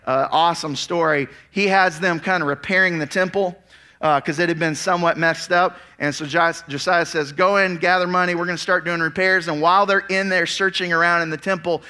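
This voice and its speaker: A man preaching, reading a passage and then telling it back in a loose, conversational way. His voice sits a bit high and rings bright and forceful. He moves easily between scripture and relaxed asides. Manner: animated storytelling with casual asides; reads scripture aloud, then explains it. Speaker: pastor. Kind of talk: expository sermon.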